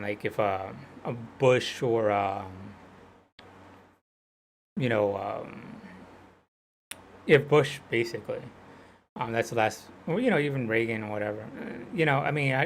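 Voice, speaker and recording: A man's voice: medium pitch, slight background noise. A man from Hawaii chatting loosely while streaming a game, rambling and full of fillers. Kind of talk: casual chat while gaming.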